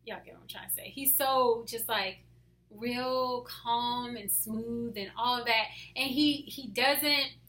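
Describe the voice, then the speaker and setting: A woman talking casually about her faith, hyper and animated, often dropping to soft asides. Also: on the high side, slow pace. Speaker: faith vlogger. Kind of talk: casual devotional talk to camera.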